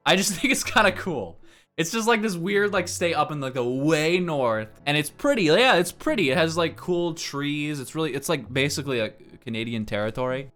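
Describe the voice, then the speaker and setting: A man's voice: medium pitch, a bit bright. A young man chatting casually on a live stream, rambling, blunt and often profane. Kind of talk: casual chat.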